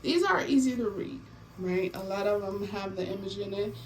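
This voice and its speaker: A woman hosting a tarot deck giveaway in a casual, animated chat, swearing freely and repeating herself for emphasis. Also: mid-range voice, normal speed, low-quality recording. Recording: faint background noise.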